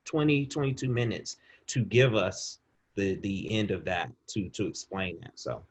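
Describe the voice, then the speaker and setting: A man's voice: on the low side, normal speed, a little hiss or hum. A man co-hosting a podcast, giving a casual, rambling movie review with frequent restarts. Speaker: podcast co-host.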